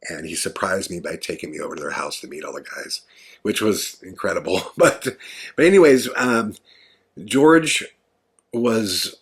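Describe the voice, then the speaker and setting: A man with a husky, breathy edge tells a long story as a podcast host. His manner is casual and confiding, wandering through asides and fillers. His voice sits very low with a gravelly fry. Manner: rambling, conversational, with frequent fillers.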